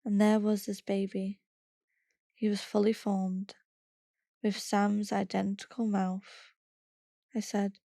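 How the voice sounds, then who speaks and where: Woman, memoir reading, gravelly voice, mellow tone, dry close sound. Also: medium pitch, slow pace, long pauses, no echo. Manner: steady, plain storytelling. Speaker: podcast reader. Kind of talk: reading a memoir aloud in first person.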